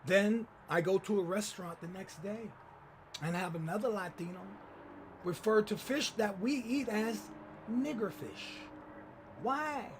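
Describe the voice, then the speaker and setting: A man hosting his own channel, telling a personal story in lively commentary and acting out the people he quotes. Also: sits high, measured pace, slight background noise. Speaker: channel host.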